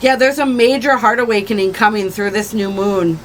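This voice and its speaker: A woman hosting a spiritual card reading, talking casually and gently, laughing easily and slowing down to stress key points. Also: medium pitch, steady tone, a little hiss or hum. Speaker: spiritual reader and channel host.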